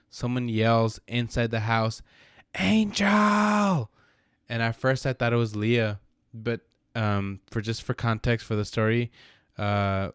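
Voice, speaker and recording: A man's voice: on the low side, clean tone, no room sound, studio quality. A young man co-hosting a podcast, telling a story in a rambling, laughing way and repeating himself. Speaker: podcast co-host. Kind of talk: casual storytelling.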